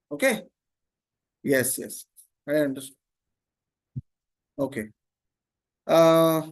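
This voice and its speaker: A man teaching an online grammar class, explaining slowly, repeating terms and often checking "Okay?". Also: on the high side.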